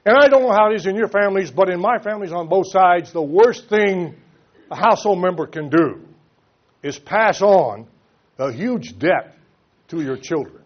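Man, middle-aged, public speech, high voice, emphatic, halting repetitions, dull lo-fi sound. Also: expressive. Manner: emphatic with frequent pauses and repetitions. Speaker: speaker addressing an audience. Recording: dull lo-fi recording.

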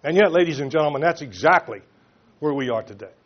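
A middle-aged man giving a public speech to an audience, emphatic, pausing often and repeating words. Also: fairly high pitch, animated. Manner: emphatic with frequent pauses and repetitions. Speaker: speaker addressing an audience. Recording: dull lo-fi recording.

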